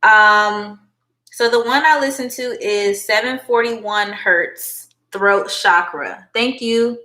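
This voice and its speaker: Slow, bright and forceful, this medium-pitched woman runs a live tarot session from an echoey room, recorded on a phone. She talks warmly and at length, with plenty of honey and baby girl for her viewers.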